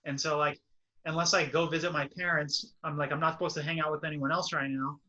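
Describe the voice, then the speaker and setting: A young man with a very bright, ringing voice, chatting casually as a podcast co-host. He talks loosely, full of "like" fillers, and walks through details step by step. His voice sits a little high for a man. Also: level tone, fast, lo-fi sound. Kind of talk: casual chat.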